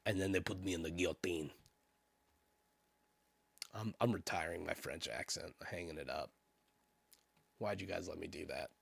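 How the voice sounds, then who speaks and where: A man's voice: deep voice, measured pace, vocal fry, pauses often, pushed and bright, no echo. A man streaming casually, reading news aloud with sardonic, profane asides and laughs.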